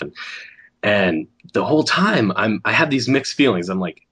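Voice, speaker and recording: A man, an animator, telling a story in casual conversation, acting out the other people's lines with quick restarts. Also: low-pitched, breathy edge. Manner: animated, acts out quoted voices, restarts often. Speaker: animator guest.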